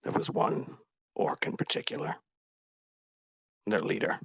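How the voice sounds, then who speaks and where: A man voicing a grief-stricken dragonborn warrior, confessing in a raw, halting way with whispered breaks. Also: dry recording, lightly acted. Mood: grieving. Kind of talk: tabletop role-play character speech.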